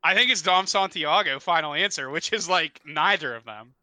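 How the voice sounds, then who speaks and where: Young man, co-host, casual gaming chat, very bright, smooth, dry recording. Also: fairly high pitch, moderate pace, no room sound. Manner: rambling, laughs easily, casual swearing. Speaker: podcast co-host.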